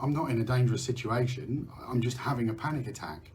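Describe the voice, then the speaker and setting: Speaking fairly quickly in an animated, slightly bright medium-pitched voice, a middle-aged host from the UK leads a frank live conversation about mental health. He rambles, starts sentences over, and swears now and again.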